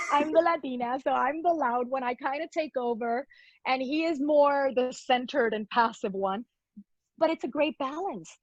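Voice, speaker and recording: A woman chats as an interview guest in a gushing, upbeat manner, laughing often. Her voice sits fairly high. The sound is muffled and lo-fi, with no room echo at all. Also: a little slow. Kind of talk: casual interview chat. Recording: dull lo-fi dry sound.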